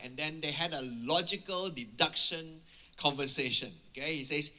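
A man preaching a sermon, retelling a Bible story in an animated way and often checking in with his listeners. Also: fairly high pitch, moderate pace.

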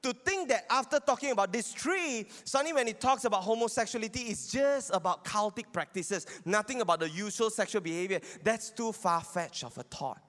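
A high-sitting male voice, a bit bright, with lively intonation moves fairly quickly with few pauses. The Bible teacher argues through his teaching sermon, checking in with listeners by often asking "right?", all under long hall reverb.

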